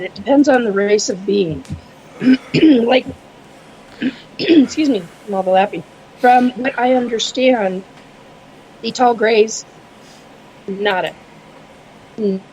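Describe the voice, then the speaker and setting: A woman speaking as a guest on a podcast panel, hesitant, with many fillers and frequent throat clearing. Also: on the high side, darkish tone, lo-fi sound, slight background noise. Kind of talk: casual podcast panel chat.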